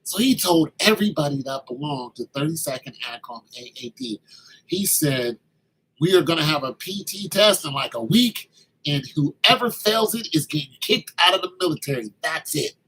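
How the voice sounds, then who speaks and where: A man in his late fifties telling a story from his army days in a casual, animated way, acting out the other people's lines. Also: on the high side, moderate pace, breathy edge, low-quality recording. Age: 50s. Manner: animated, acts out quoted dialogue.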